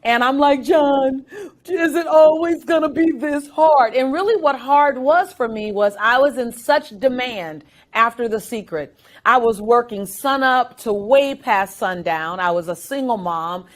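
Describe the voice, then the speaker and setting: A woman guest in a casual interview, telling stories with lively, acted-out quotes and frequent laughter. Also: a little high, a little slow. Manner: animated storyteller, acts out quotes.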